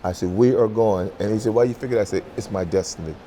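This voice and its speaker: A man's voice: low-pitched, rapid-fire, warm tone, slight background noise. A man in his sixties telling stories in a roundtable chat, laughing and acting out dialogue. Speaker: former running back.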